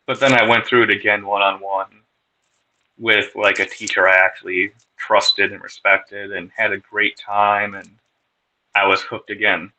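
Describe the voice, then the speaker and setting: Male storyteller, slow-talking and candid, a bit low-pitched, cursing freely. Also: little pitch movement, bright, forceful tone, poor audio. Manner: candid, profane, wry storytelling. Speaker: podcast guest sharing his recovery story. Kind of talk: casual personal storytelling.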